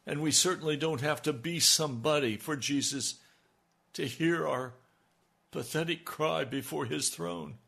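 A man preaching a sermon in a husky, gravelly voice that sits a little high for a man. He speaks slowly and deliberately, leaning hard on his words with fervent emphasis. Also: a bit bright.

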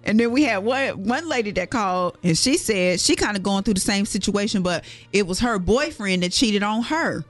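A woman's voice: mid-range voice, animated, moderate pace, hardly any pauses, faint music behind. Playful laughing woman radio host. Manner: laughing, reading listener letters, playful. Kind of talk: morning radio show hosting.

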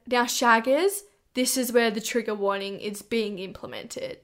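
Aussie girl in her 20s, high voice, swears a lot, animated storytelling on her podcast. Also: unhurried. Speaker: podcast host. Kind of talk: casual storytelling.

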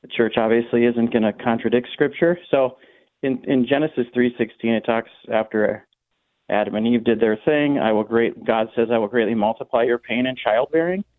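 A man's voice: medium pitch, normal speed, no room sound. Male radio caller, earnest, tinny phone-line sound. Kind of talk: phone-in question.

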